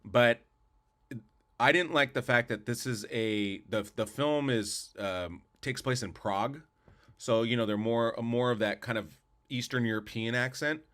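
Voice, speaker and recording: Medium in pitch, measured in pace and a bit bright, this podcast co-host's voice carries casual movie talk. He rambles, repeats words, restarts frequently and is clearly opinionated.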